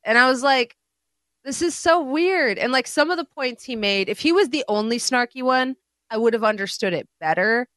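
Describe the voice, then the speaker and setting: A woman's voice: a little high, brisk, a bit bright, no echo. A woman co-hosting a casual podcast chat, talking bluntly and with animation, swearing freely and dropping in Hindi-Urdu words. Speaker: podcast co-host.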